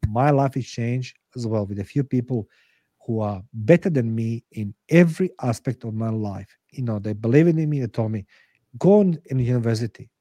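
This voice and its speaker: Warm and medium-pitched at a moderate pace, with no room sound, this is a middle-aged podcast guest and author. His English, a second language, is blunt, earnest and emotional, and he swears a great deal.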